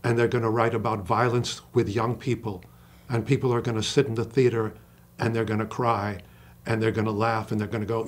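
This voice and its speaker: An older man, an acting coach, talking in an interview with passion and slowing down to stress single words. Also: on the low side, flat delivery. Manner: passionate, emphatic storyteller who acts out quoted dialogue. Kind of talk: interview conversation.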